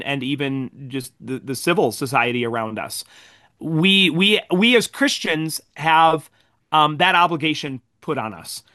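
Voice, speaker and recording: A man with a bright, forceful tone, set a little higher than most men. He speaks up earnestly on a faith panel in a casual discussion and laughs easily. His voice sounds close and dry, with no room around it. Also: dry recording. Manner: earnest and expansive, quick to laugh.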